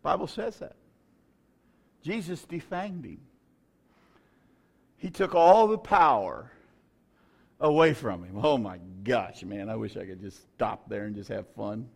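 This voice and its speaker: A male pastor preaching a sermon, moving between quiet storytelling and loud, shouted preaching. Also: on the low side, animated, a little slow, creaky, pauses often.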